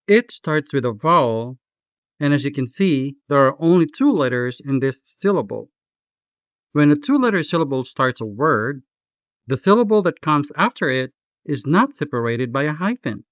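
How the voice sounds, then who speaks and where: A man teaching a language lesson in scripted narration, speaking slowly and carefully and repeating words for pronunciation. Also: a little high, animated, dry recording. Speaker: language tutor. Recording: dull, dry, lo-fi voice-over.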